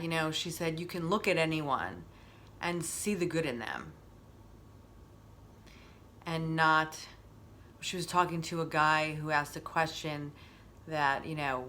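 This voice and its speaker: A woman's voice: deep voice, takes it slowly, long pauses, pushed and bright. A middle-aged woman hosting a wellness stream in casual chat, rambling and openly emotional as she talks.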